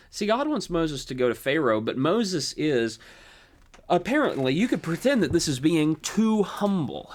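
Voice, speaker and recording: A man's voice: fairly high pitch, a little slow. A man preaching a sermon, reading scripture aloud and then explaining it in a conversational way with asides. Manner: lively reading, voicing God and Moses in quotes.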